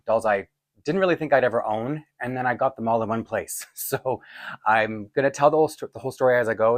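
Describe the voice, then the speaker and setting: A man talks in an eager, rambling way, often laughing and stopping to correct himself. His voice sits at an ordinary middle pitch. The sound is close and dry, with no room echo. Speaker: doll collector vlogger. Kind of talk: excited casual unboxing chat.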